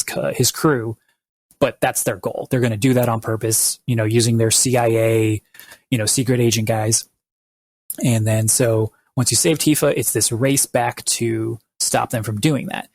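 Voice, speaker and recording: A man's voice: medium pitch, slightly rough, dry recording. A man co-hosting a podcast, recapping at length in a loose, rambling way with lots of fillers. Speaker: podcast co-host. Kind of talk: casual podcast chat.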